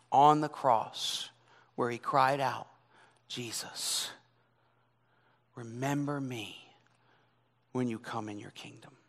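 A man preaching a sermon, dramatic, swinging between loud emphasis and hushed, near-whispered lines. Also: a little high. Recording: long hall reverb.

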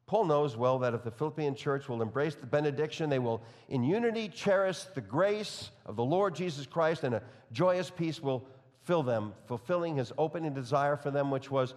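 A man preaching an expository sermon with a slight New York accent that surfaces when he gets excited and talks fast. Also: fairly high pitch, long reverb tail. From New York area. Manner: enthusiastic, speeds up when excited, reads scripture aloud. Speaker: pastor.

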